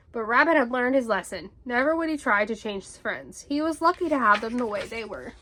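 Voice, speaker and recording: A young woman in her twenties reads a bedtime story aloud. Her voice is high and soft, with a gentle storybook pace. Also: sing-song, brisk, few pauses. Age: 20s.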